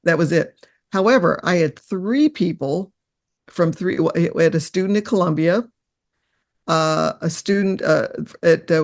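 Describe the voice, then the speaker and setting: An older woman, a guest in an interview, telling personal stories in an earnest, reflective, halting way. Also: on the low side, gravelly.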